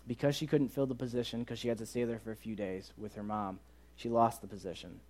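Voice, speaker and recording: Telling a story during a sermon, this young youth ministry leader talks quickly in a mid-range voice. His delivery is lively, and he performs the quoted lines of each character himself.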